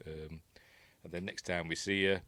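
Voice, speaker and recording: A man's voice: low-pitched, level tone, normal speed, bright, forceful tone, dry recording. A man with a Yorkshire accent giving a casual, rambling film breakdown as a reviewer, with lots of ums and asides. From Yorkshire, England.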